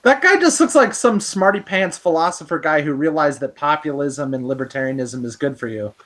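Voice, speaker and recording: A woman's voice: low voice, lively intonation, brisk, fairly bright tone. A woman co-hosting a podcast, ranting angrily and profanely in casual commentary. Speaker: podcast co-host.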